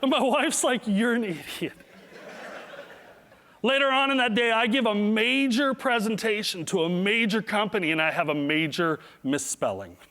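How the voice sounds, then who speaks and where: Animated man telling stories in a reverberant hall. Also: high-pitched, moderate pace, hardly any pauses, a little hiss or hum. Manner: animated, self-deprecating, acts out his own reactions. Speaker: motivational speaker. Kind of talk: humorous keynote storytelling. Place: large hall before an audience.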